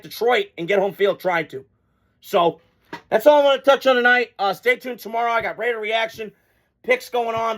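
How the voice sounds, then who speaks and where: Host, male, higher-pitched voice, casual off-the-cuff sports reaction, blunt and profane. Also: a bit bright. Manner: blunt, rambling, swears freely.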